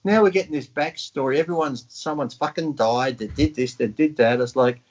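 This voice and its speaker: A man's voice: mid-range voice, moderate pace, a little mellow, highs cut off. A man chatting casually on a video call, swearing freely and telling stories in acted voices. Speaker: podcast guest. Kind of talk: casual chat. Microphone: home mic on a video call.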